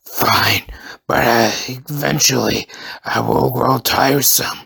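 A man voicing a menacing male alien symbiote in a gravelly, growling whisper. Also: mid-range voice, steady tone, slow pace, pushed and bright, no room sound, clean studio sound, exaggerated voice. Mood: sinister. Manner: growling, sinister.

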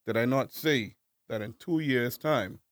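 A man co-hosting a casual podcast chat, animated and full of slang, ranting hard. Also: medium pitch, unhurried, dry recording. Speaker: podcast co-host.

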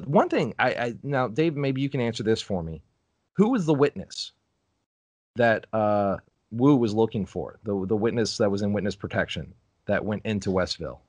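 A man's voice: lowish voice, expressive, moderate pace, no room sound. Rambling, laughing man on a podcast. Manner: rambling, laughs often, goes on tangents. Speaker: podcast co-host. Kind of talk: casual chat.

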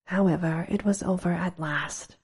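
A woman reading a storybook aloud in a hushed, slow whisper, as whispered role-play. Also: fairly low pitch, fairly even intonation, husky. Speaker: storybook reader.

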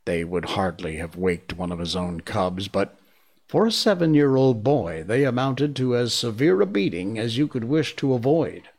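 A man narrating a classic storybook in a measured, hushed manner. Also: lowish voice, expressive.

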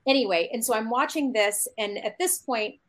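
A woman with a high voice tells a casual story on a panel. She acts out the lines she quotes as she goes. A soft hiss runs underneath. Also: normal speed. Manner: anecdotal, acts out quoted dialogue. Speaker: actor and panel guest.

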